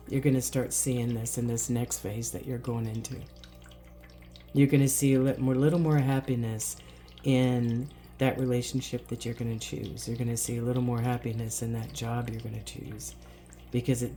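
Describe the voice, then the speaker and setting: A spiritual card reader with an extremely low, mellow voice gives an encouraging reading directly to her viewers, often checking in with "all right?" Slight background noise is audible.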